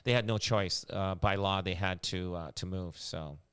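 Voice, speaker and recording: A man's voice: low voice, moderate pace, a bit bright, smooth. A man chatting casually as a podcast host, rambling with lots of fillers and restarts. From Canada. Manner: rambling, many fillers and restarts, laughs often. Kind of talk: casual chat.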